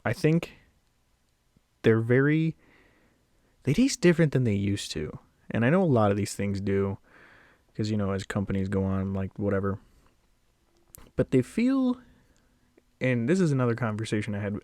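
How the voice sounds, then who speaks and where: Casual young male creator, low-pitched, chatty and a bit breathless, dry close recording. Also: a little mellow, no room sound. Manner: chatty, rambling, with small laughs. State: a little out of breath. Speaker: video creator ranking snacks. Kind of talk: casual tier-list commentary. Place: at home, sitting.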